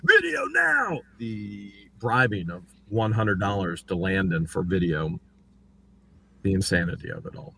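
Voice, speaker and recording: A man's voice: unhurried, slight background noise. A man talking casually about his own court case, acting out what others said with big jumps in voice. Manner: animated, acts out quotes with big pitch jumps. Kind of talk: casual livestream chat.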